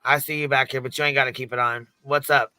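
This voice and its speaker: A man's voice: mid-range voice, flat delivery, quick pace, pushed and bright, clean tone, no room sound, soft background music. A man hosting a livestream panel, blunt and profane, reading screenshots aloud. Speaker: host.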